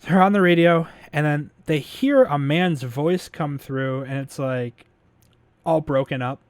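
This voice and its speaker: A man's voice: on the high side, a little slow, dry recording. A man casually recapping a movie plot as a podcast host, rambling with lots of fillers, swearing and laughing as he goes.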